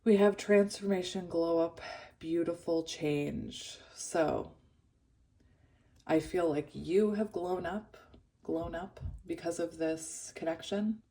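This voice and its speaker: A woman's voice: on the low side, takes it slowly, warm tone. Emotional woman reading tarot cards. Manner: emotional, hesitant, many ums. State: shaky and tearful. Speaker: tarot reader. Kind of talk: pick-a-card tarot reading.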